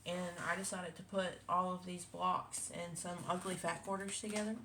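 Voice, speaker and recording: A woman's voice: on the low side, little pitch movement, moderate pace, sharp tone, a little hiss or hum. A woman, a quilting vlogger chatting casually at home, rambling with many fillers and restarts. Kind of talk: casual chat. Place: home with cats.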